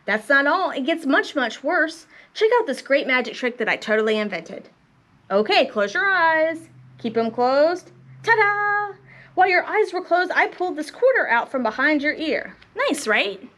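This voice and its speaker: A grumbling, bragging goat from a picture book, as a woman reads him. His voice sits high and bounces all over the scale. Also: very animated, moderate pace, a bit bright. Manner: complaining and bragging in first person. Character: jealous boastful goat, a picture-book child.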